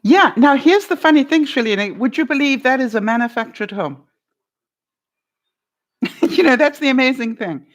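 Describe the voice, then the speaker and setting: A woman's voice: high-pitched, expressive, normal speed, long pauses. Woman, older, casual live-stream vlogger, chatty, laughs often, talks to viewers by name, at home. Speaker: vlogger answering live chat.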